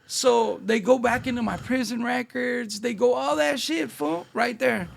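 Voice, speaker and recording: La guy, middle-aged, raspy fry all over, high-ish voice, telling stories w/ lots of slang. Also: unhurried. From Northeast Los Angeles. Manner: animated street-slang storyteller, acting out dialogue. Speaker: guest. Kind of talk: casual storytelling interview.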